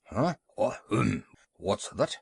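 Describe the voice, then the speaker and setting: A man voicing a grumpy, pompous old male walrus in a storybook reading, with a low gruff grumble. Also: very animated, slow, no echo, exaggerated voice. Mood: drowsy.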